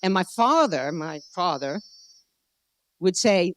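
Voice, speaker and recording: A woman's voice: lowish voice, lively intonation, unhurried, long pauses. A middle-aged American woman giving a conference talk as an anthropologist, telling a digressive story and often searching for her words. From United States. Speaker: anthropologist speaker. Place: gallery venue indoors.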